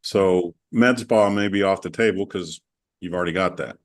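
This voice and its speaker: A man with a low voice talks casually on a video call. He is chatty and candid, and he rambles as he tells a story. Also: normal speed. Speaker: coaching client.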